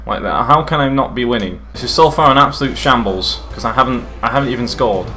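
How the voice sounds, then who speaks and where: A young man casually commentating his own football video game, excitable, swearing and shouting at the game. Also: mid-range voice, fairly quick, hardly any pauses, slight background noise. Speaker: gaming YouTuber.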